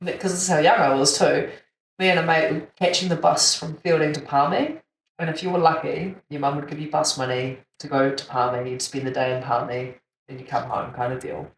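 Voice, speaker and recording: A woman's voice: deep voice, steady tone, fairly quick. A young woman with a New Zealand accent hosting a casual chat, telling stories with slang, swearing and laughter. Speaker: podcast host. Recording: roomy, distant mic, faint ambience.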